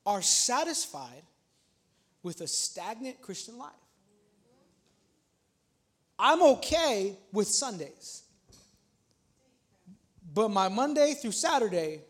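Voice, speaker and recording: Male pastor, thirties, very high voice; casual sermon that builds by repetition, small church. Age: 30s. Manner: casual, repeats himself, builds to emphatic points. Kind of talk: conversational sermon.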